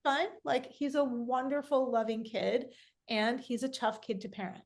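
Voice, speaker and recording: A woman's voice: a little high, steady tone, normal speed. A middle-aged woman speaking candidly as a podcast guest, reflective and often restarting her sentences. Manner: reflective, talks in restarts and fillers. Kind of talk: candid conversational interview.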